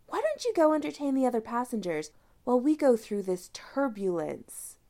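A woman's voice: a little high, big pitch swings, normal speed, dark tone, pitched above the performer's own voice. A woman voicing a perky British con woman with a British accent, coaxing and cheerful.

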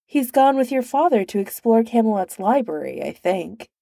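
A frightened young servant boy whose voice jumps up into a squeak , put on by a woman reading the story. He stammers with a gravelly edge underneath and speaks timidly in a dark, dry tone. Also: lively intonation, normal speed, no echo.

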